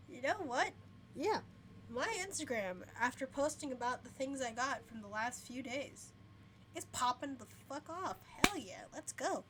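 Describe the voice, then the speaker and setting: A woman's voice: high-pitched, lively intonation, a little slow, fairly bright tone, a little hiss or hum. A young woman streamer reading a story game aloud, casual and yawning, laughing between lines.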